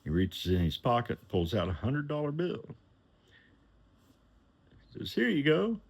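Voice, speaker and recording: A man telling a personal story in an animated way, acting out the voices of the people in it and chuckling now and then. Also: on the low side, unhurried, breathy edge.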